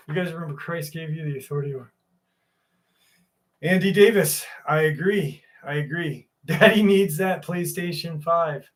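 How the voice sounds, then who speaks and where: A man's voice: on the high side, moderate pace. A man hosting a live stream, chatting casually and reading viewer comments in a loose, jokey way with plenty of swearing.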